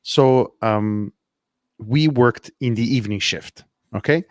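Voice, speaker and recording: Animated man telling stories on a podcast. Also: medium pitch, takes it slowly, no echo. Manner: animated storyteller, laughs often, repeats words. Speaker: podcast co-host. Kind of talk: casual podcast chat, storytelling. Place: Montreal.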